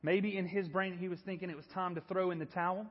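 A pastor in his thirties delivers a sermon full of stories, speaking quickly in a high, husky voice with an animated, self-deprecating manner. The recording is dull and muffled, with the long reverb of a church hall.

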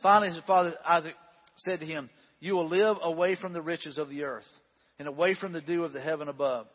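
A pastor with a high-pitched, slightly rough voice preaches a sermon, reading a scripture story aloud and adding folksy, conversational asides with frequent restarts. The sound is dull, with long hall reverb.

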